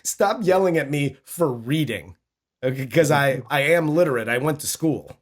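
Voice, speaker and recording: A man's voice: a little high, lively intonation, normal speed. A man co-hosting a movie review podcast, chatting in a casual, profane, mocking way. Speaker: podcast co-host.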